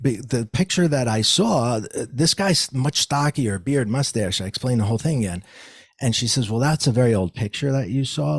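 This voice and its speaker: A man's voice: slightly rough, no echo. A middle-aged man, a psychic medium guest, telling his story in an interview and acting out the people he quotes. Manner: acts out quoted people with raised pitch, lively.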